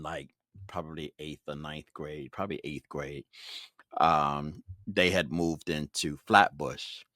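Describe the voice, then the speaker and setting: Deep-voiced man hosting a podcast. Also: dry recording, clean studio sound. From Brooklyn, New York. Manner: reflective storytelling, relaxed and personal. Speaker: podcast host. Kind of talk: conversational interview.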